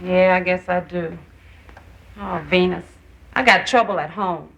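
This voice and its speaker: A woman's voice: on the low side, fairly even intonation, measured pace, gravelly, a bit bright, lo-fi sound, slight background noise. A fretful, worried mother. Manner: fretful, confiding. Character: worried working mother of a teenage son.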